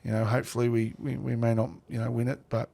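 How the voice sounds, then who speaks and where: A man's voice: mid-range voice, level tone, fast, gravelly, mellow. A middle-aged Australian man, a football coach, chatting as a podcast guest and telling stories with laughs. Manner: blokey storytelling, laughs often. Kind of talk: casual chat.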